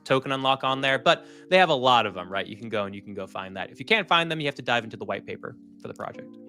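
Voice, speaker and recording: A man's voice: mid-range voice, animated, quick pace, bright, forceful tone, soft background music. A man from Maine with a light Maine accent, co-hosting a casual crypto chat and joking around. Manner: joking, slips into folksy drawl. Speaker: co-host.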